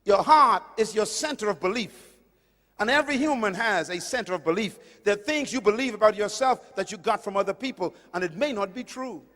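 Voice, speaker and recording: A middle-aged man from the Caribbean preaching a sermon, emphatic, swinging between loud declarations and hushed, low passages. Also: expressive, brisk. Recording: long hall reverb.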